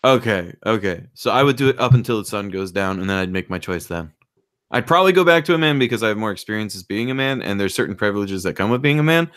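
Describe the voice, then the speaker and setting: A man's voice: lowish voice, animated, fast talker, fairly bright tone, no echo, clean studio sound. A man co-hosting a podcast in casual chat, joking and playful. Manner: playful, jokey, hums nonsense syllables. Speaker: podcast co-host.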